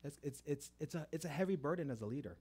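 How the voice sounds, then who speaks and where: A middle-aged man preaching a sermon. He tells stories with many restarts, rising loud for emphasis and dropping soft. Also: fairly high pitch, lively intonation, fast talker, husky.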